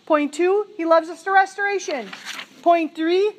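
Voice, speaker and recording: A middle-aged woman preaching a sermon, telling a story with lively, laughing energy. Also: very high-pitched, measured pace, a little hiss or hum. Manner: animated storytelling, laughing as she recounts a vision.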